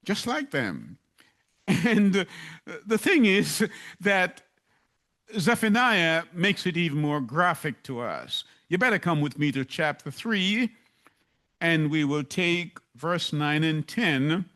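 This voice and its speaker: Male preacher, slightly high voice, slow emphatic delivery, scripture reading and rhetorical questions. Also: pushed and bright. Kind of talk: sermon.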